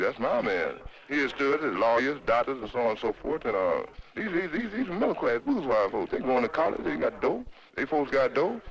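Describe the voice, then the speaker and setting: A man in a heated interview, talking in animated, rambling street slang. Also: medium pitch. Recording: dull 1960s documentary film audio.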